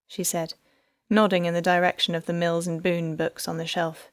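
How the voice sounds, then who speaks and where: Low-voiced woman narrating an audiobook. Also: flat delivery, no room sound. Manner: soft, measured, lowered narration between dialogue.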